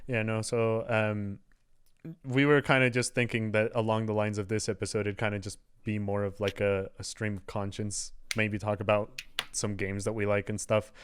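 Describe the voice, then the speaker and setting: Laid-back young man, smooth clear voice. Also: flat delivery, normal speed. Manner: laughing, bursts into shrill cartoon voices. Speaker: co-host. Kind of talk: casual chat.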